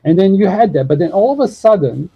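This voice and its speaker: A man's voice: high-pitched, expressive, gravelly, husky, lo-fi sound. A man with a New Zealand accent, talking casually and rambling with lots of swearing and fillers as a podcast host. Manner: rambling, profane, fast talk with many fillers. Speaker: show host.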